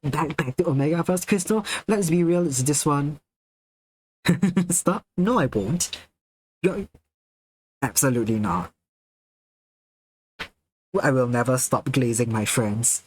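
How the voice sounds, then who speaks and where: A man streaming live, chatting casually with his viewers, excitable, swearing freely and laughing often as he reacts to their messages. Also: medium pitch, a little slow, pauses often, slight background noise, poor audio.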